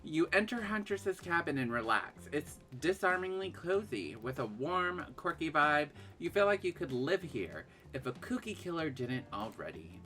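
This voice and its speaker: A woman's voice: low-pitched, sing-song, normal speed, few pauses, a bit bright, soft background music. A woman streaming a dating game, reading its text aloud and reacting with laughs and shrieks. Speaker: gaming streamer.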